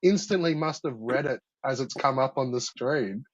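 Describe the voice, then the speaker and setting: A man chats casually over voice call, telling a long rambling story laced with swearing. His voice sits at a middling pitch. The audio comes through muffled and lo-fi. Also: normal speed, a crowd in the background. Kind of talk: casual voice-chat conversation.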